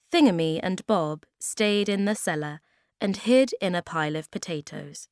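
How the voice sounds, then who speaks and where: A woman reading a children's storybook aloud in a slow, clear, expressive way. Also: fairly low pitch, dry recording, studio quality.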